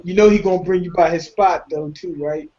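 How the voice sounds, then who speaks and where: A man's voice: high-pitched, fairly even intonation, fairly quick, dark tone, muffled recording. A man joking and teasing in a casual group call. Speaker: hangout participant.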